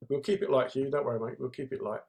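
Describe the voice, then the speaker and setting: A man's voice: medium pitch, steady tone, fast talker, creaky, a little mellow. Jokey man chatting live from home. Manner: jokey, chatty, greets commenters by name. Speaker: comedian hosting a live stream. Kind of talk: casual live-stream chat to viewers.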